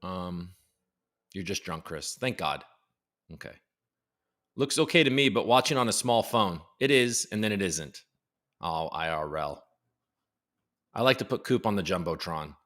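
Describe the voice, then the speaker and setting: A man's voice: low voice, unhurried, long pauses. A man hosting a casual live crypto stream, joking and teasing viewers as he reads the chat, with some swearing. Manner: lively, with big jumps in loudness. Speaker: crypto livestream host.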